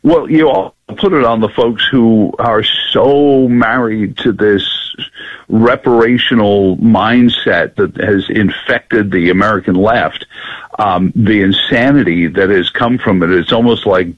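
A man who owns a local radio station, a guest on a political talk show, talking in animated bursts with restarts. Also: lowish voice, a little slow, no echo, lo-fi sound. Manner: animated, many fillers and restarts.

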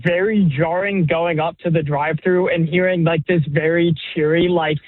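A man's voice: fairly high pitch, fairly even intonation, normal speed, no room sound. A man calling in to a radio show, chatting casually with many "like" fillers. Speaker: caller. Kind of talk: call-in chat. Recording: dry tinny phone line.

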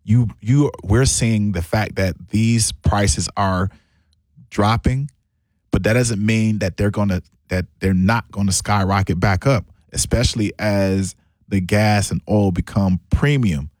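A man hosting a talk radio show, talking in a halting way with many restarts, his voice lifting when he stresses a point. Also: on the low side, a little mellow, no echo, studio quality. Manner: halting, restarts often, voice lifts on emphasis. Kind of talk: casual talk radio commentary.

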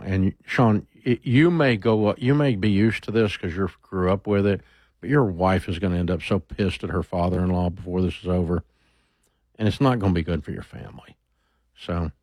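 This man has a very low voice and talks bluntly in a casual advice chat, often restarting as he thinks aloud. The sound is dry and close, with no room around it. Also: brisk, darkish tone, dry recording.

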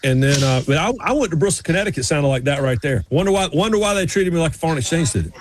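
A man's voice: fairly high pitch, lively intonation, racing. Joking Southern man on sports radio. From North Carolina. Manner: rambling, joking, many restarts. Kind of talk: casual chat.

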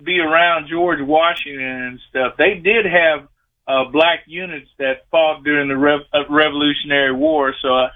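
A man in his sixties phoning in to a talk radio show, his voice a little high for a man. He talks in a folksy, rambling way, and the sound is thin and tinny through a phone line. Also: steady tone, normal speed. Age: 60s. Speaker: caller. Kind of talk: call-in radio chat.

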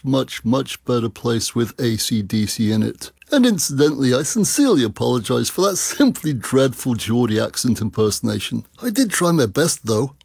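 Gravelly-voiced male rock radio DJ. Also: mid-range voice, a little mellow, no room sound. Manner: enthusiastic, opinionated rock fan. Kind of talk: radio DJ link between songs.

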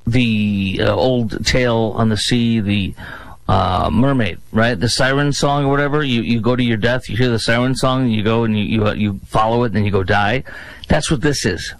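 A man filling in as a talk radio host, giving sarcastic, mocking political commentary with exaggerated swings in pitch. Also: moderate pace, dry recording, low-quality recording.

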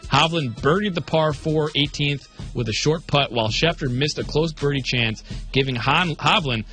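A man hosting sports radio, reading a brisk news recap. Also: fairly high pitch, sharp tone, faint music behind.

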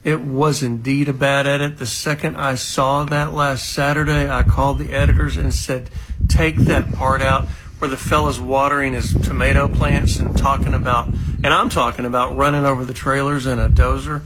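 A man's voice: medium pitch, flat delivery, normal speed, noisy background. A man recording an earnest apology and explanation on his phone.

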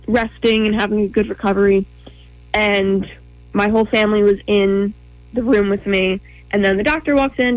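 Young woman telling her story, lots of ums, mid pitch, dry close mic. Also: no echo, poor audio. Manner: earnest, many ums and quoted thoughts. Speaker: interview guest. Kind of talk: personal story in an interview.

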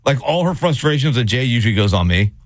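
A man's voice: quick pace, no echo, studio quality. A man co-hosting a morning radio show, telling stories animatedly and teasing his co-host. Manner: animated storyteller, big pitch swings, playful teasing. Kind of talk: casual morning radio banter.

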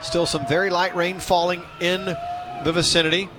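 Play-by-play man, a touch high, loose and chatty, pumps up on strikeouts. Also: normal speed, a crowd in the background, noisy background. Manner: chatty, self-deprecating, excitable on big plays. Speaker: play-by-play announcer. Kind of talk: baseball play-by-play commentary.

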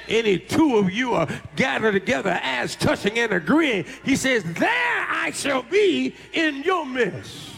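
Man, preacher, sermon, very high voice, lively swooping pitch, impassioned shouting. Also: gravelly. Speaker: pastor.

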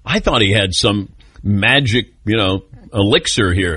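A man's voice: on the low side, bright, forceful tone, husky, no room sound. A middle-aged man hosting a radio talk show, bantering with callers and crew in a joking, self-mocking way. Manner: joking, self-mocking, quick back-and-forth. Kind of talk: casual talk radio chat.

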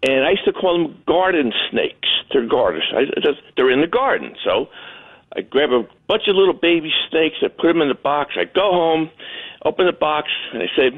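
A man's voice: a little high, lively intonation, moderate pace. A man calling in to a radio show, telling jokey stories and acting out voices. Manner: jokey storyteller, acts out voices. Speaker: caller. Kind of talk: phoned-in storytelling. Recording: tinny phone line.

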